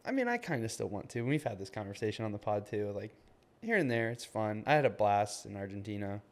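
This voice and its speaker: A man's voice: fairly low pitch, sing-song, quick pace. A man in his twenties co-hosting a podcast, chatting casually and loosely, with lots of "like" and "man". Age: 20s. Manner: loose and rambling, heavy on "like" and "man". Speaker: podcast co-host. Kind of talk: casual chat.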